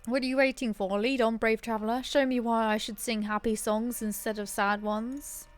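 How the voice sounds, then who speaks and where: A woman's voice: fairly high pitch, level tone, normal speed, faint music behind, lightly acted. A woman reading the lines of a gloomy male minstrel in a fantasy game, in a mournful half-sung recitation. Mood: bitter.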